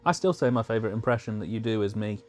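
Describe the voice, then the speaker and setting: A man's voice: on the low side, expressive, racing, soft background music. Man trading dry quips on commentary. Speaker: co-host of a film commentary. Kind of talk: casual film commentary.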